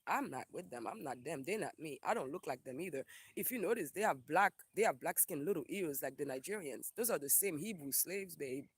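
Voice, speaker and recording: A man's voice: a little high, expressive, fairly quick, hardly any pauses, slightly rough, no echo, clean studio sound. A man from Haiti hosting a casual livestream, reading viewer comments aloud and ranting in a profane, emphatic way that repeats phrases for emphasis.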